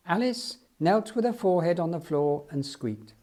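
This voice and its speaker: A man reading a children's story aloud in an expressive, storytelling way. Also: fairly high pitch, moderate pace, few pauses. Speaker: storybook reader.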